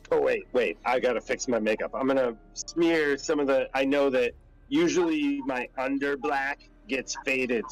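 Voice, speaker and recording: A man's voice: medium pitch, vocal fry, rough recording. A man playing a tabletop game, laid-back and joking as he plans his moves. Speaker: player. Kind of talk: tabletop role-play chat.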